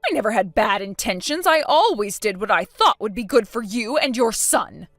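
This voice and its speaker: Here a woman brings a spiteful, scheming grandmother to life in a texting story, whining defensively and feeling sorry for herself with clear indignation. Her fairly high, fairly bright voice is expressive at normal speed, captured in studio quality with no echo.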